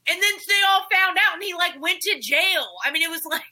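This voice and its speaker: A woman's voice: very high voice, a little fast, pushed and bright. A young woman in casual chat, telling a story with many fillers.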